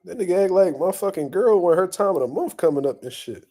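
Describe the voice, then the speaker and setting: Blunt, profane man with a mellow voice. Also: high voice, quick pace. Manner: profane, blunt, animated, laughing trash talk. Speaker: boxing commentary host. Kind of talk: casual opinion talk.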